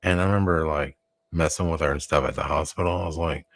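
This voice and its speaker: Deep-voiced, joking male host. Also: steady tone, fast, no room sound. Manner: rambling, joking, profane, frequent fillers and restarts. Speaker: show host. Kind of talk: casual live broadcast banter.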